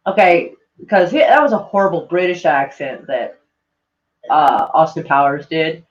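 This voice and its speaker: A woman's voice: sits low, lively intonation, measured pace. A woman streamer chatting casually with her viewers in a rambling, self-mocking way, swearing freely. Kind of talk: casual livestream chat. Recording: dull lo-fi sound.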